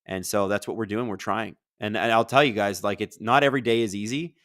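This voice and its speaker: Canadian guy riffing on a hockey game live, kinda low voice, dry sound, reads chat out loud. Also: a little fast, dry recording. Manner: energetic, rambling, reads chat questions aloud. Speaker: host of a live hockey watch-along stream. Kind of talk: casual live-stream chat and game commentary.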